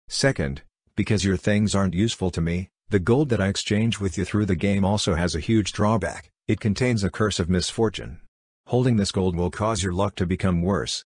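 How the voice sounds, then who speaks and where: A male audiobook reader voicing a cool, scheming male demon lord who speaks in a calm, measured, matter-of-fact way. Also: low-pitched, husky, dry recording, clean studio sound. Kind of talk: audiobook character reading.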